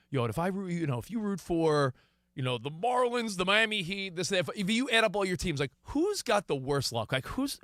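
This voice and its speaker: A man hosting a sports talk radio show, telling a story in an animated way with quoted asides. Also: a little high, no echo, clean studio sound. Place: radio studio. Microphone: studio microphone.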